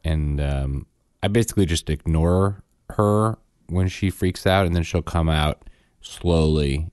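A man's voice: extremely low pitch, a little mellow, no room sound, studio quality. A man co-hosting a casual chat, telling a family story with self-corrections and acted-out quotes. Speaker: podcast co-host, father.

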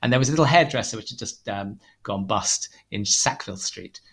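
A man's voice: fairly low pitch, lively intonation, brisk. A man, a tweed company founder, telling rambling stories in a casual interview, full of fillers and restarts.

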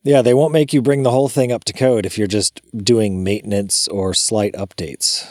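A man's voice: fairly low pitch, fairly even intonation, normal speed, darkish tone, no room sound, studio quality. A man bantering casually as a podcast co-host, joking and swearing freely. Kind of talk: casual chat.

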